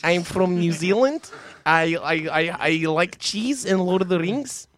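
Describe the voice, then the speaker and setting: Male host doing a clumsy put-on Australian accent, high voice, lively swings. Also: unhurried. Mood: goofy. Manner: clumsy, self-mocking impression. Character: man faking an Australian then New Zealand bloke.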